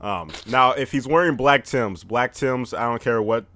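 A man's voice: medium pitch, normal speed, bright, forceful tone, no echo. A man co-hosting a podcast in casual chat, boastful and teasing, laughing often. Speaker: podcast co-host.

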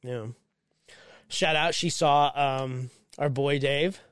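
A man's voice: medium pitch, slow, clean tone, no echo. A man in his thirties co-hosting a podcast, telling stories in casual, profane banter. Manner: profane, storytelling, animated. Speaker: podcast co-host.

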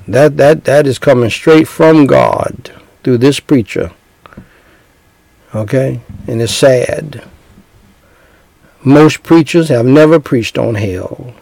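A man's voice: mid-range voice, animated, slow, vocal fry, pauses often, darkish tone, dry recording, rough recording. A man preaching an evangelistic sermon, speaking earnestly and directly to the listener and leading a prayer phrase by phrase.

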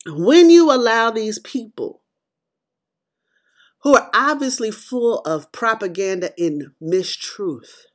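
Middle-aged woman podcaster, preacherly commentary that builds loud then drops quiet. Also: medium pitch. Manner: emphatic, preacherly, swings between loud and quiet. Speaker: podcast host. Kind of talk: impassioned commentary monologue.

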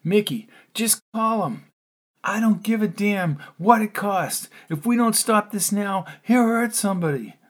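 A man voicing a tough, protective middle-aged uncle in an audiobook, gruff and blunt, given to cursing. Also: high-pitched, expressive, a little slow, pitched above the performer's own voice. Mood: insistent. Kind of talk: audiobook character reading.

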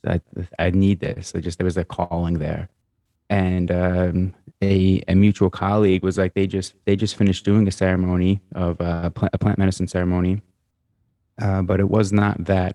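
Deep flat-voiced male interview guest. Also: no echo. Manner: halting, many uh and um fillers. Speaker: podcast guest, breathwork facilitator. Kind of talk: casual interview talk.

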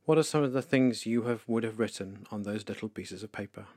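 A man leading a guided meditation for listeners, speaking slowly, calmly and softly with pauses. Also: on the low side, no echo, clean studio sound. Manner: slow, calm, soft-spoken with pauses. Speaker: devotional leader.

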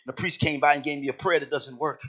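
A man's voice: fairly high pitch, fairly even intonation, quick pace, pushed and bright. A preacher voicing an injured man stuck in a hole, who pleads and rattles off his complaints in a rush. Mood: pleading. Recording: dull lo-fi church recording.

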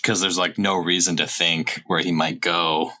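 Very deep-voiced man at a game table. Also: little pitch movement, moderate pace, pushed and bright. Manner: easygoing, thinking aloud. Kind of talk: casual game talk.

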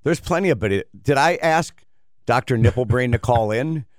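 A man's voice: mid-range voice, normal speed, dry recording, clean studio sound. A man hosting a talk radio show, rambling and acting out little scenes in casual banter.

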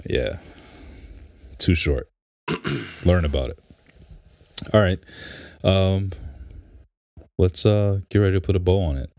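Podcast co-host, male, very low and slow, relaxed joker, dry close sound. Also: dry recording. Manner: laid-back, joking, drawn-out delivery. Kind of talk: casual chat.

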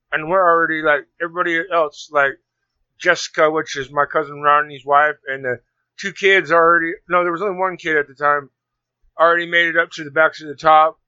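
A man telling a long story in casual conversation, rambling and animated, with many restarts. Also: on the high side, clear, resonant tone, dry recording. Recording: dull lo-fi sound.

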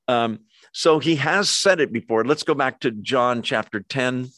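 A man's voice: medium pitch, a little slow, fairly bright tone, dry recording. A man preaching a sermon as a pastor, teaching in a conversational way and often asking the audience questions.

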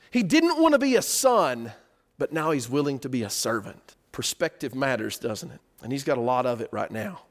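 A man preaching a sermon, telling a story in a conversational way full of rhetorical questions and acted-out quotes. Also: a little high.

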